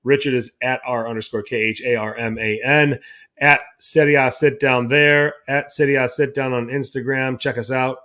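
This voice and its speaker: A man co-hosting a casual soccer podcast, relaxed and a little worn out as he wraps up with plugs. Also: medium pitch, normal speed. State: tired. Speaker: podcast co-host. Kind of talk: casual sports podcast chat.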